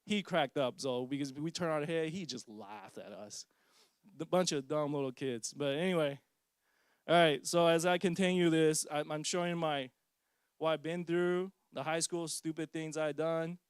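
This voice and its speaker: A man in his forties tells a casual story about being a parent, joking and poking fun at himself. He speaks at a moderate pace in a slightly high, clear and resonant voice. No room sound is audible in the clean studio recording.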